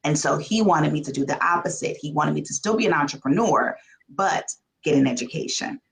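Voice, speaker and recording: A woman on a panel giving advice slowly and emphatically in short phrases. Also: low voice, lively intonation, creaky, poor audio.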